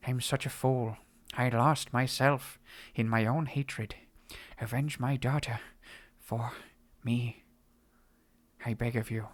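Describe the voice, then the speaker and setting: A man voicing a regretful old male sage who is gruff and vengeful, with a low, weary, remorseful delivery. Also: fairly even intonation, slow pace, long pauses, dry recording.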